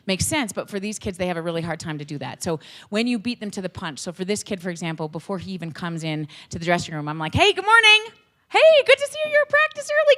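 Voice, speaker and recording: A woman speaker and youth hockey coach giving an energetic, joking talk to educators. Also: lowish voice.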